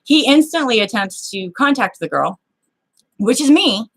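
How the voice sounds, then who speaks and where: A woman's voice: on the high side, a little slow, vocal fry, breathy edge. A woman telling a personal story in casual chat, blunt and freely profane, acting out the people she quotes. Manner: animated, acts out the people in her story.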